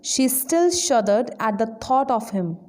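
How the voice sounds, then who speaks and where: A woman, an English trainer, slowly explaining vocabulary words one by one in a lesson. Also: fairly high pitch, animated, a little mellow. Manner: slow, deliberate word-by-word explanation.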